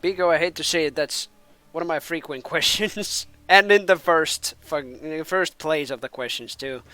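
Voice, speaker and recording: A man's voice: on the high side, moderate pace, pushed and bright, dry recording. A man from Finland, a native Finnish speaker with American-sounding English, rambling in casual stream chatter as an esports caster between matches and laughing at himself.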